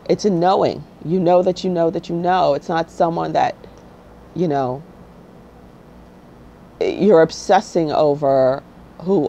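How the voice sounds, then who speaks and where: A woman hosting her own spiritual channel talks straight to camera in a blunt, no-nonsense way, frequently checking in with "okay?" as a spiritual guide. Her low, warm voice has vocal fry, a measured pace, and long pauses, and the recording is muffled with slight background noise.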